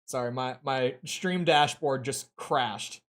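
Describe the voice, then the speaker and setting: A man's voice: medium pitch, slow, fairly bright tone. A man streaming a video game, chatting casually and swearing now and then. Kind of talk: casual gameplay commentary. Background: game music.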